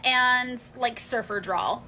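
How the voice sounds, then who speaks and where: A woman's voice: fairly high pitch, slow, sharp tone. A woman from Central California with a Valley Girl accent, giving a profane, sarcastic and self-mocking comedic history explainer. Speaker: history commentator.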